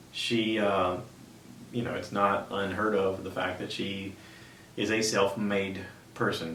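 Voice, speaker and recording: A male podcast host with a lowish voice tells a story in a loose, rambling way, often restarting his sentences. He sits back from the mic in an echoey room. A faint rumble runs underneath. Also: fairly bright tone. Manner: rambling retelling with frequent restarts. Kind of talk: casual storytelling monologue. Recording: roomy sound from a distant mic with faint rumble.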